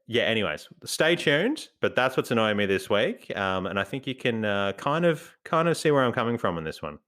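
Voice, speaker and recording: A man co-hosting a podcast in casual chat, laughing often and reading news aloud slowly. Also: medium pitch, very animated, a bit bright. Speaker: podcast co-host.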